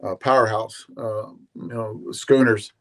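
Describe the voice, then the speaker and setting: A man's voice: on the low side, fairly even intonation, a little slow. Laid-back rambling man chatting. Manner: rambling, laid-back, swears casually, repeats words. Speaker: regular guest on a live show. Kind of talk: casual chat.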